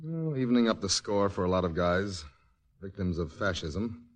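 An earnest idealistic recruit. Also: male voice, low-pitched, big pitch swings, normal speed. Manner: earnest, thoughtful, gently humorous. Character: idealistic young writer enlisting, earnest and cheerful. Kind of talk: 1940s radio acting.

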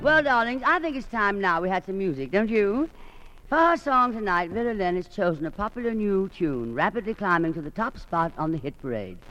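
A woman's voice: mid-range voice, big pitch swings, brisk, fairly bright tone, faint music behind, poor audio. A woman hosting a radio variety show in a grand, theatrical manner, calling everyone darling. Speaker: show hostess.

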